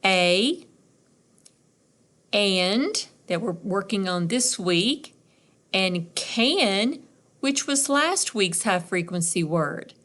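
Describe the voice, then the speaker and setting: A woman's voice: medium pitch, expressive, very slow, long pauses, fairly bright tone. A middle-aged woman teacher giving a recorded reading lesson for young children, patiently sounding out words.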